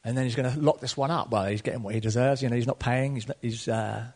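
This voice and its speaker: A middle-aged man preaching a sermon, telling the story in a lively way with asides to the congregation. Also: medium pitch, quick pace.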